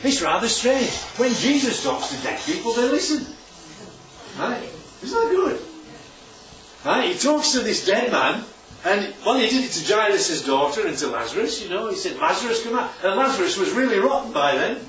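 Man, chatty preacher, lively voice, distant dull lo-fi recording. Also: high voice, moderate pace, roomy sound, slight background noise. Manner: chatty, keeps asking the congregation "right?". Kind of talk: informal church talk with slides. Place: church hall.

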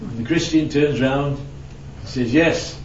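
A man with a slightly high, animated voice preaches a sermon conversationally at normal speed, posing questions to the audience and sharing anecdotes. There's a little hiss or hum, and the recording sounds roomy, distant, dull and lo-fi, with faint ambience.

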